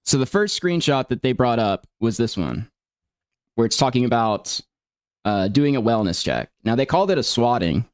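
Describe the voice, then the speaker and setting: A man's voice: medium pitch, very animated, moderate pace, dry recording. A man talks through his side of things in casual, rambling sentences that often restart. His voice moves around a lot, and the sound is dry and close to the mic. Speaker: streamer responding to allegations. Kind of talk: casual explanatory talk.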